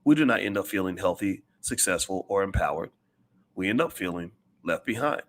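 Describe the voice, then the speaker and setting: A man's voice: low-pitched, animated, brisk. A middle-aged man giving an impassioned, preachy monologue as a commentator, hammering his points with repetition.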